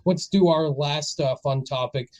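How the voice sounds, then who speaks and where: A man's voice: on the high side, unhurried, a little mellow, highs cut off. A man hosting a casual film podcast, upbeat and leading the segments. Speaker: podcast host.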